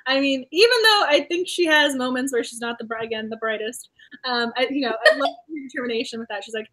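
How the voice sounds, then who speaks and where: High-voiced, animated woman book club host. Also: quick pace. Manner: animated, laughs often. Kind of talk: casual book discussion.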